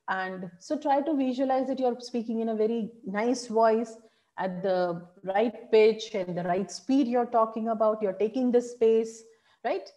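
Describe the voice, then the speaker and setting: Animated woman teaching public speaking. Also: a little high. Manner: animated, encouraging, asks the audience questions. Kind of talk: online workshop talk.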